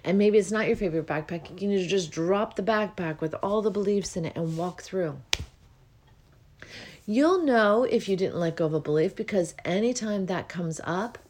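A slightly low-voiced woman hosts a spiritual podcast in a loose, meandering monologue. She yawns often as she talks and keeps an easy, unhurried flow. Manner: yawns often while talking, relaxed and meandering. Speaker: podcast host.

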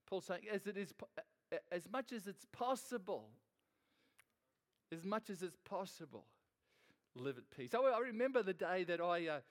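A man's voice: high voice, lively intonation, normal speed, pauses often. A man preaching a sermon in a loose, conversational way, telling a personal story with frequent restarts and fillers.

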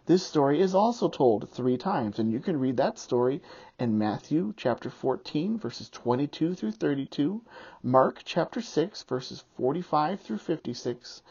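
A pastor delivers a sermon, reading scripture in an unhurried preaching cadence. The voice is mellow and somewhat husky. The recording is muffled and lo-fi. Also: medium pitch, expressive. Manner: reads scripture aloud in a measured preaching cadence.

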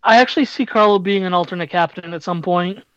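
Male co-host, halting delivery, dead-dry, dull sound. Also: sits high, fairly bright tone, smooth, dry recording. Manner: hesitant, halting, repeats words. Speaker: podcast co-host. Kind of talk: casual chat.

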